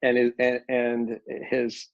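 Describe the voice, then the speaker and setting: A man's voice: mid-range voice, completely flat delivery, slow pace, no echo. A middle-aged man, a real estate developer, talking casually in an interview with many restarts and fillers. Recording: dull lo-fi dry audio.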